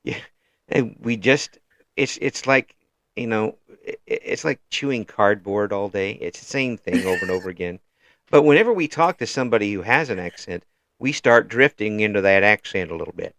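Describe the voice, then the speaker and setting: A man from Illinois with a Midwestern American accent, hosting a casual interview and talking in halting, restarting phrases with frequent chuckles. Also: fairly low pitch, expressive, a bit bright, dry recording, studio quality. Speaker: interview host.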